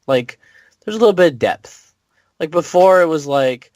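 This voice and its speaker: A man's voice: on the high side, lively intonation, normal speed, darkish tone, no room sound. A young man co-hosting a podcast, chatting loosely with crude jokes. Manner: joking, loose, crude asides. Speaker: podcast co-host. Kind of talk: casual chat.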